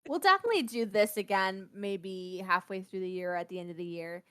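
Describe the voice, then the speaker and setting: A woman's voice: medium pitch, brisk, a bit bright, smooth. Woman, podcast host, casual chat, enthusiastic, giggly.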